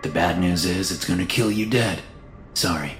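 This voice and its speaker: A man voicing a menacing big man who speaks in a low, calm, matter-of-fact way over background music. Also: moderate pace, reverberant, lightly acted. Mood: calm threat. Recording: music playing behind.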